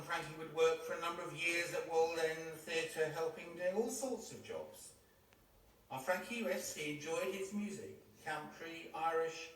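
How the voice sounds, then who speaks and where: A man leading a funeral service as celebrant, speaking in a measured, gentle, formal way. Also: on the high side, a little hiss or hum. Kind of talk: formal ceremonial address. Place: crematorium chapel. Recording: echoey hall, distant mic, faint ambience.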